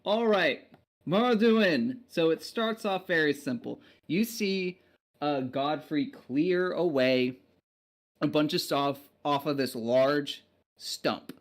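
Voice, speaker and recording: Male game master, casual rambling narration, fairly high voice. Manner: casual, rambling with many fillers.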